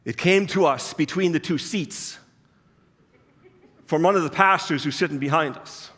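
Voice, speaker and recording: High-voiced pastor telling a story. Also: male voice, normal speed, fairly bright tone, big-room sound. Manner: storytelling, conversational and earnest. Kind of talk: sermon.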